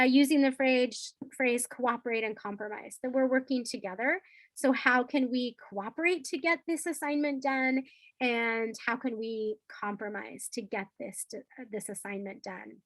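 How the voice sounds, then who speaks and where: A woman teacher giving a training talk, lively and acting out playful phrases she uses with kids. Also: a little high, moderate pace, no echo, rough recording.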